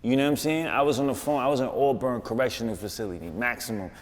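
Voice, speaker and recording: A man with a New York accent, a guest on a podcast, telling a story in an insistent, animated way with street slang. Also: medium pitch, fast talker, long reverb tail. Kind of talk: casual podcast interview.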